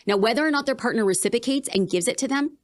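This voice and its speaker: A woman guest in a candid interview, talking in an animated, emphatic way and repeating phrases for emphasis. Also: a little high, quick pace. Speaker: podcast guest. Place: business retreat in Austin.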